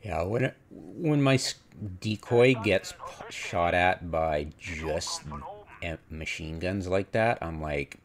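A man casually commenting on a game replay, rambling and retelling his own reactions, with sudden excited exclamations. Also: deep voice, slow pace. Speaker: gameplay commentator.

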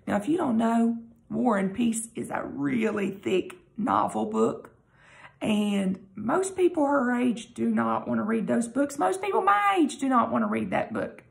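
A woman teacher reads a novel aloud to her class and pauses to explain it gently. Her voice is fairly high, with a gravelly fry running through it. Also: animated.

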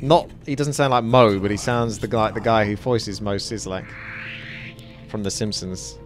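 A man's voice: lowish voice, fairly even intonation, moderate pace, over music. A man giving casual, rambling let's play commentary, musing aloud and swearing now and then. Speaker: gamer.

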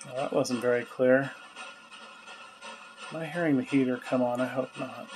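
A man's voice: mid-range voice, steady tone, normal speed, music in the background. A man at home running a spirit box session, patiently asking spirits questions and coaxing them to speak up. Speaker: paranormal investigator. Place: at home, indoors.

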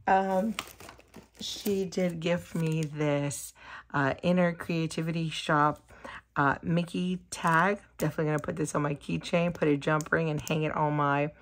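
A woman who is losing her voice chats casually while unboxing gifts, gushing and excitable, and she says "oh my gosh" again and again. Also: deep voice, unhurried. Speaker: crafting vlogger.

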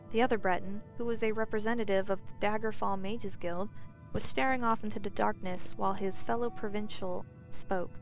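A woman narrating a fantasy bedtime story in a calm, even storytelling manner. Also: medium pitch, a little fast. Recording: dull lo-fi recording, faint music.

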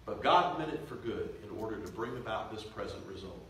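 A man preaching a revival sermon, swelling loud and slow for emphasis, then dropping to quiet, confiding tones. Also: lowish voice, animated, slight background noise. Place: church sanctuary. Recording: echoey church from far off.

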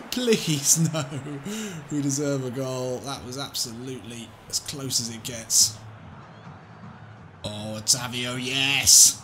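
A man calls the action of his football video game like a TV commentator, often dropping to a low mutter before bursting out loud with laughter. His voice sits at an ordinary middle pitch, and a steady hiss of noise runs under the home mic. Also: measured pace. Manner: excitable, swings from calm muttering to shouting and laughing. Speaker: gaming YouTuber.

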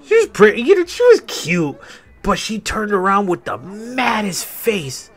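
A man's voice: sits high, wildly swooping pitch, a little slow, a bit bright. A young man casually telling a rambling, profane story while playing a life-sim game, laughing between sentences. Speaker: gaming channel host. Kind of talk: casual storytelling over gameplay.

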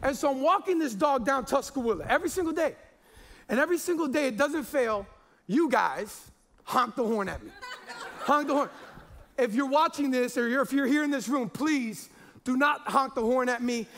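Pastor guy in his 40s, really high voice, jokes around and trips over his words a lot. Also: fairly bright tone. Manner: chatty and jokey, with many repeated words and fillers. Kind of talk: sermon.

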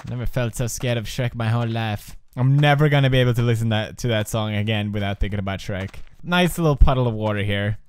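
A young man hosting a joking let's-play commentary, excitable and prone to yelps and laughter. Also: medium pitch, quick pace, hardly any pauses, smooth. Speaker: gaming video host.

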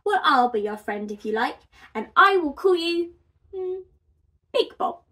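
A woman's voice: high voice, sing-song, unhurried, sharp tone, voice pushed up, exaggerated voice. A woman voicing a small, brave boy bunny who talks in an eager, plucky, cheerful way.

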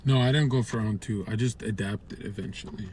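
A man's voice: lowish voice, fairly quick, darkish tone, slight background noise. A man streaming from a parked car, chatting casually with his viewers in a crude, rambling, joking way.

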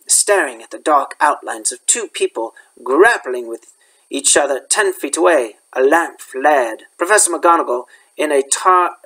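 A male schoolteacher reading a children's novel aloud in an expressive storytelling manner. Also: a little high, breathy edge, rough recording. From United States. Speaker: teacher.

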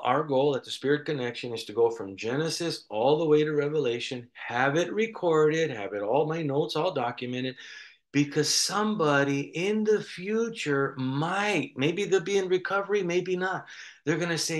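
Male pastor, slightly high voice, animated rambling sermon delivery. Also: normal speed. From United States. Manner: rambling, animated storytelling with restarts.

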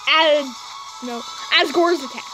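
A woman's voice: high-pitched, measured pace, low-quality recording. A young woman joining her friend's gaming video, chatting casually and calling out moves from the side. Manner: backseat gamer, calls out moves. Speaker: co-host friend. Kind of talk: casual gameplay chat. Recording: music playing behind.

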